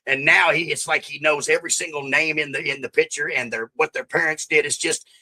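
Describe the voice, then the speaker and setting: A man's voice: on the high side, fairly even intonation, fairly quick, pushed and bright, low-quality recording. A man in his fifties, born in Australia and raised in the American South, talking casually as an interview guest and rambling with lots of repeats. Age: 50s. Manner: rambling, repeats himself, says bro and man.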